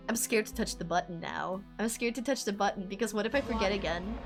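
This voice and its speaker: A woman's voice: mid-range voice, a bit bright. A woman streamer chatting casually to her viewers, giggly and self-deprecating. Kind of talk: casual live-stream chat.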